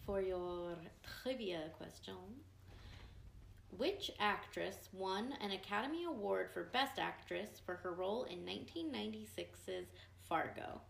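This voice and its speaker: A woman's voice: medium pitch, expressive, slow, vocal fry. A young woman co-hosting a podcast, chatting casually and reading quiz questions with a laugh. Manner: laughing, playful quizmaster. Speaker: podcast co-host. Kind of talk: casual chat. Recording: echoey room, faint hiss.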